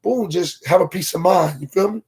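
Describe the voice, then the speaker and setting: A man's voice: high-pitched, moderate pace, breathy edge. A man telling a long story on a casual livestream, in a slangy, rambling way, stopping now and then to greet viewers in the chat. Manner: slangy, rambling, keeps asking "you feel me"; greets viewers from live comments mid-story.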